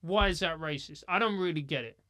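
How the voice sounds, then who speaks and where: A man with a high, bright voice chats as a podcast guest. He talks in an animated way, laughs often and swears freely. The sound is close and dry. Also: a little fast, dry recording. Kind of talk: casual chat.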